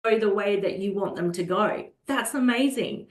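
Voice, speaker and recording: Calm earnest woman in a roomy space. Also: mid-range voice. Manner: calm, earnest, slows down when acting out soothing a child. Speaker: guest, children's holistic health practitioner. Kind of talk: conversational interview. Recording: roomy echo.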